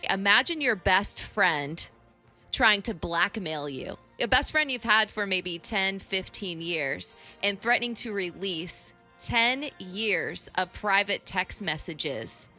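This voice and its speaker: A woman co-hosting a radio show, chatting and explaining celebrity news in quick bursts. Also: medium pitch, animated, pushed and bright, soft background music. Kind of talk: casual gossip chat on radio.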